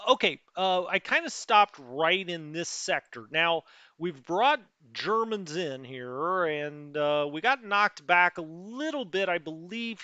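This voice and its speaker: A man's voice: high-pitched, bright, forceful tone, clean tone, no room sound. A middle-aged man hosting a strategy game let's play, chatting casually and rambling with lots of fillers as he greets viewers. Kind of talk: casual live gameplay commentary. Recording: dry, slightly dull lo-fi sound.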